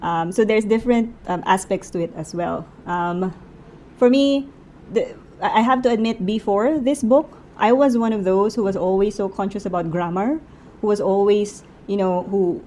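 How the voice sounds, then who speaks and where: A woman's voice: mid-range voice, dark tone, a little hiss or hum, poor audio. A woman with a Filipino accent giving a casual book review, talking it through in a conversational way and asking lots of rhetorical questions.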